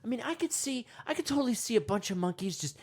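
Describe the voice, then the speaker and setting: A woman's voice: fairly high pitch, lively intonation, fast, a little mellow, slightly rough. Woman doing a rambling macho self-help guru. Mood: worked up. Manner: rambling, repeats words, trails off, grunts monkey noises. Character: excitable macho male self-help podcast host. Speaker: podcast host. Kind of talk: comedic parody meditation podcast.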